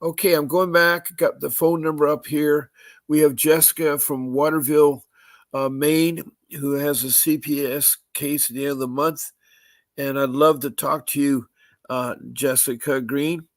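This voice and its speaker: A man hosting a live-streamed podcast and reading out housekeeping notes in a halting way, with many fillers, restarting and repeating details slowly. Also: fairly high pitch, fairly even intonation, dry recording. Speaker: podcast host.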